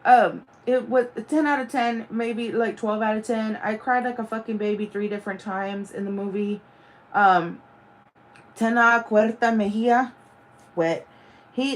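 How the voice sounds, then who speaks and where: Casual woman streamer, mid-pitched, loose rambling delivery with swearing and fillers. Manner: rambling and profane, with many fillers. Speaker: livestream host. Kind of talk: casual chat.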